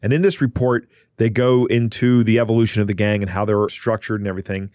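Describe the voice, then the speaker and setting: A man co-hosting a podcast, explaining a story in a relaxed, conversational way. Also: lowish voice, fast, dry recording, studio quality. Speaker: podcast co-host. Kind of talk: casual podcast chat.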